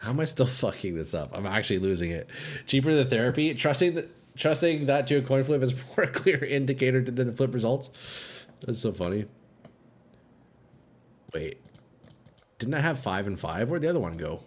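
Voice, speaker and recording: A man's voice: mid-range voice, animated, normal speed. A young man streaming a game live, chatting to his viewers, swearing and laughing often. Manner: swears a lot, laughs and rambles to chat. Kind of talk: live gameplay chat with viewers.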